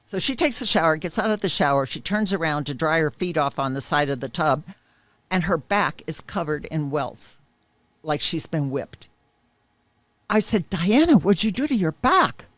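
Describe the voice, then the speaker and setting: Her voice is low yet fairly bright, with lively intonation at a normal speed, captured dry. The woman gives an interview, earnestly relating an emotional personal testimony full of vivid, emphatic moments.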